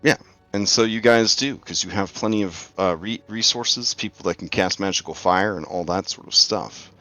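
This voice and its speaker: A man's voice: low-pitched, moderate pace, pushed and bright, soft background music. A young man narrating as game master of an online tabletop game, thinking aloud with many fillers.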